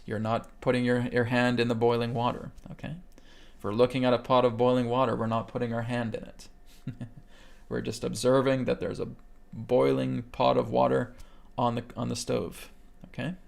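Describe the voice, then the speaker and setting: A man with a gravelly voice leads a live online lesson, steadily talking listeners through breath work. He speaks in an even, flat tone and keeps checking in with "okay?" as he guides them step by step. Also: mid-range voice. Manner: calm guiding delivery, keeps checking in with "okay?". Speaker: meditation instructor. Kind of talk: live webcast teaching a healing technique.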